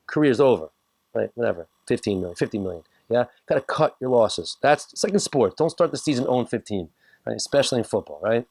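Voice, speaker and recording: A man's voice: medium pitch, big pitch swings, a little fast, darkish tone, dry recording. A man, a rabbi, giving a humorous lecture to a live audience, joking and acting out little dialogues.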